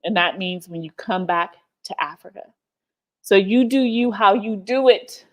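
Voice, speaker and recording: A woman's voice: medium pitch, a little slow. A teary woman talks straight to her livestream viewers. She is passionate and swears freely, and she repeats her lines for emphasis. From United States. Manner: passionate, profane, speaks in emphatic repetitions. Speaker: livestream host. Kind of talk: emotional livestream talk.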